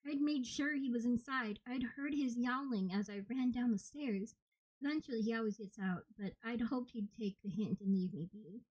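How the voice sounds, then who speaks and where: A woman narrating an audiobook in the first person with steady, plain storytelling. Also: fairly high pitch, normal speed, slightly rough, dry recording, low-quality recording. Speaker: audiobook reader.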